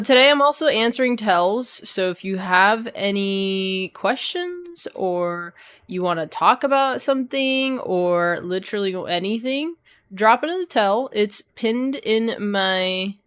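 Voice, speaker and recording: A woman's voice: mid-range voice, animated, slow pace, a bit bright, clear, resonant tone, dry recording, clean studio sound. A young woman streamer casually chatting and swearing with her chat while she does a craft, her voice sometimes fading as she turns from the mic. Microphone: desk microphone, voice drops when she turns away.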